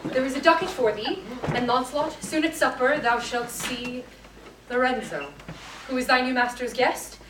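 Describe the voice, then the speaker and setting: A woman's voice: sits high, normal speed, lightly acted. Woman as a young daughter, amateur stage verse, far camera, noisy hall. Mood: wistful. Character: young woman, sad but hopeful daughter.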